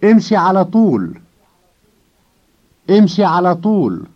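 A man speaking slow drill phrases with deliberate, careful enunciation. His voice sits fairly high and swings widely in pitch. The old course recording sounds dull and lo-fi. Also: sing-song. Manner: deliberate, clearly enunciated repetitions. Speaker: native-speaker model voice in a language course.

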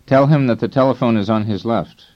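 A man narrating a scripted language lesson as instructor, in a calm, measured teaching tone. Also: mid-range voice. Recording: dull lo-fi tape recording.

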